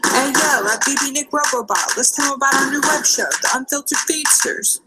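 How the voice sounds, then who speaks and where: A man doing a high rapping robot. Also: fairly quick. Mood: hyped. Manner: rapped hype lines. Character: rapping robot sidekick, male, brash. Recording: rap over loud music, distant.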